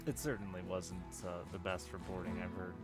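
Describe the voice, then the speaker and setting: A man's voice: deep voice, fairly even intonation, fairly quick. A man streaming a game, chatting casually with wry, profane reactions. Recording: music playing behind the voice.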